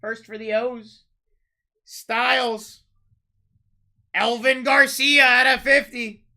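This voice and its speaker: A man hosting a live-streamed trading card break, rattling off pulled cards, shouting out big hits and bantering with chat. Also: very high-pitched, fairly even intonation. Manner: rapid-fire calling of card names, shouting big hits; chatty, teasing banter with chat.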